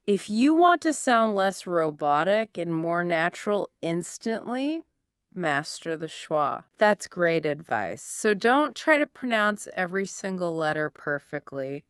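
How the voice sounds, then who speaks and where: Woman, lesson podcast co-host, friendly, lowish voice, clear and smooth. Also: big pitch swings, a little slow, no room sound, clean studio sound. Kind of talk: scripted teaching dialogue.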